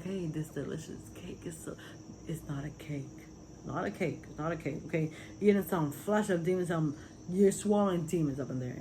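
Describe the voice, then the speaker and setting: A woman from Puerto Rico vlogs about her spiritual visions in a deep, somewhat mellow voice, captured on a low-quality recording with slight background noise. Her casual testimony is earnest and rambling, packed with fillers.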